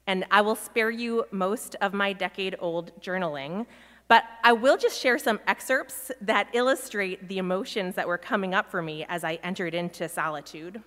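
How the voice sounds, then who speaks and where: A woman pastor giving a sermon in a reflective, measured way, pausing often. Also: mid-range voice, a bit bright. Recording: long reverb of a large hall.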